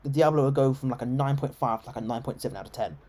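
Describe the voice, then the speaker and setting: A man's voice: mid-range voice, fast talker, dark tone. A man with an English received-pronunciation accent, giving chatty live gameplay commentary full of ums and restarts. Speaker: game streamer.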